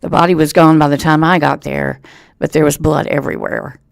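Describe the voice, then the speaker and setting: Gravelly man reading local news. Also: fairly high pitch, level tone, fairly quick, dry recording. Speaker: radio reading service volunteer reader. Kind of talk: reading a news article aloud. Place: thrift store.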